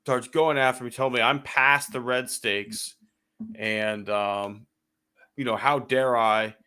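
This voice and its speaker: A man co-hosting a casual sports podcast, telling a long story in a profane, animated rant. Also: mid-range voice, slow, clear, resonant tone.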